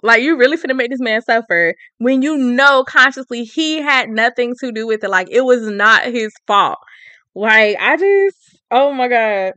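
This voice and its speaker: A woman's voice: fairly high pitch, expressive, normal speed, bright, forceful tone, no room sound. A woman casually recapping a story in an emphatic, opinionated, slangy way.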